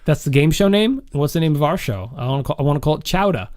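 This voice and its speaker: Podcast co-host, male, slightly high voice, rambling and jokey. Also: expressive, racing, a little mellow. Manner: rambling, pitches ideas, laughs often. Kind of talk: casual comedic chat.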